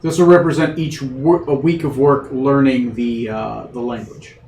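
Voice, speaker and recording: A man's voice: medium pitch, fairly even intonation, moderate pace, a little mellow, slight background noise. A man running a tabletop game as game master, explaining rolls and outcomes in a loose, rambling way with many fillers. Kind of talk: running a tabletop game over a video call. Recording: roomy echo.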